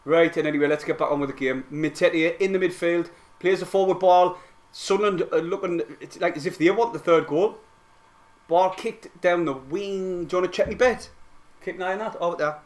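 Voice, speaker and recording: An excitable young man calls a football match live for his viewers. His voice sits fairly high, and he swears freely and talks straight to the chat. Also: brisk. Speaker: football fan streamer commenting on a live match. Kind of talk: casual live match commentary.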